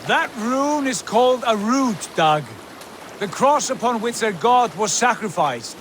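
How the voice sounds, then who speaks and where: An actor playing a calm, authoritative Viking jarl who leads his crew in a video game. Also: extremely high pitch, a little hiss or hum, heavily acted. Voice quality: measured, authoritative. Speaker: jarl leading a landing party.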